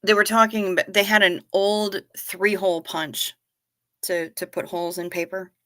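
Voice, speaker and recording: A middle-aged woman hosting a livestream, chatting casually, reading viewer comments and telling stories in an animated, direct way. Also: medium pitch, normal speed, no room sound. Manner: animated storyteller, talks straight to viewers. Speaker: livestream host.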